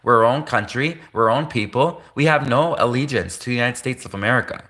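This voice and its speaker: A man hosts a livestream in a loose, rambling monologue. He circles back, restarts lines and repeats himself. His voice sits at a middle pitch with a bright, forceful edge. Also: fast talker. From Canada. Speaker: livestream host.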